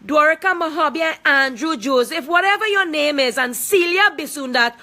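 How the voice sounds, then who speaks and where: A woman in her forties records a heated personal video, talking in a high, sharp, bright voice. She is confrontational and emphatic, driving each point home by repeating it. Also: normal speed. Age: 40s. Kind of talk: angry personal video statement.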